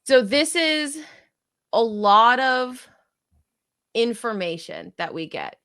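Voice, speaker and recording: A woman co-hosting a podcast, chatting casually and acting out characters in quick voices. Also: on the high side, big pitch swings, fairly bright tone, no room sound, studio quality. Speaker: podcast co-host. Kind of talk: casual chat.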